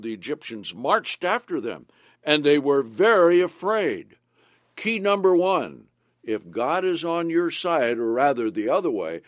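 A man's voice: medium pitch, no echo, clean studio sound. A man preaching a sermon, retelling scripture scenes with emphasis and repeating key phrases for his listeners.

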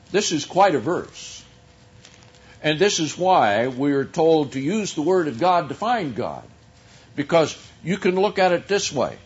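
A man preaching a sermon, teaching from scripture in a slow, deliberate way with drawn-out emphasis. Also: mid-range voice, highs cut off.

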